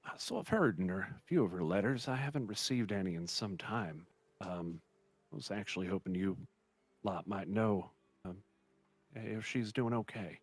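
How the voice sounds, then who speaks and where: A man voicing a fatherly old innkeeper in a tabletop game, halting and rambling with many fillers. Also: fairly low pitch, animated, breathy edge, no echo. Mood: wistful.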